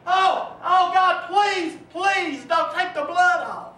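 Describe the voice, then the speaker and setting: A man's voice: very high-pitched, slow, bright, forceful tone, pitched above the performer's own voice, exaggerated voice. A man preacher voicing a tormented man in hell who wails and pleads over his brother's blood. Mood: anguished. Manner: wailing, pleading cries. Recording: echoey room, from far off.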